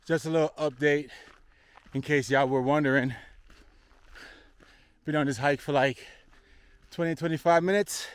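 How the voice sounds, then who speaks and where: A man's voice: a little high, fairly even intonation, normal speed, pauses often, smooth, no echo. A man hiking outdoors and talking to his handheld camera, out of breath, chatty and joking, calling his viewers y'all. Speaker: hiking vlogger. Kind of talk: casual vlog talk to camera. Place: outdoors on a mountain trail.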